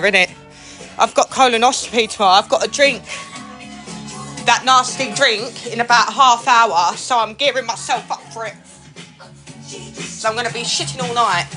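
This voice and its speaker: A woman's voice: fairly high pitch, sharp tone. A middle-aged woman, chatting and gossiping with viewers on a livestream from outdoors, greeting them by name. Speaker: livestream host. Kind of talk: casual chat to viewers. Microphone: phone.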